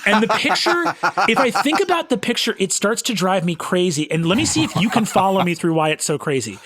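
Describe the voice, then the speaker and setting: High, bright, excitable man. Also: brisk. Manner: excitable storytelling with acted-out quotes. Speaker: guest, game master. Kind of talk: comedic podcast chat.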